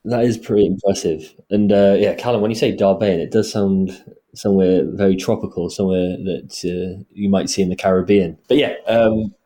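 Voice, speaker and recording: A man in casual podcast chat with a very deep, mellow voice. He talks hesitantly, restarting phrases and filling gaps with filler sounds. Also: steady tone, normal speed. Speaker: podcast co-host.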